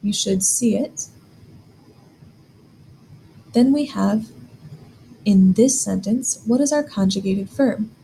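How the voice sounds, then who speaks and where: A woman's voice: medium pitch, slow pace, vocal fry, long pauses, dark tone, a little hiss or hum, poor audio. A woman teaching a German grammar lesson, explaining step by step and asking the learner questions.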